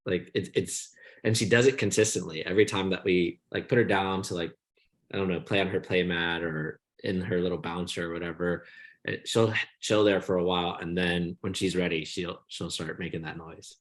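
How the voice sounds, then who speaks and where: A man's voice: sits low, steady tone, brisk. A young man co-hosting a podcast, telling long rambling stories in casual chat and swearing freely as he mocks the people in them. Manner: rambling storytelling, swears freely, mocking quoted voices. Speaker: podcast co-host.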